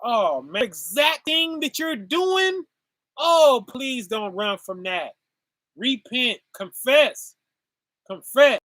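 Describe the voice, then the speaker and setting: High, bright-voiced preacher man, slow. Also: very animated, no room sound, clean studio sound. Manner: call-and-response asides, laughs while preaching. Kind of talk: informal sermon.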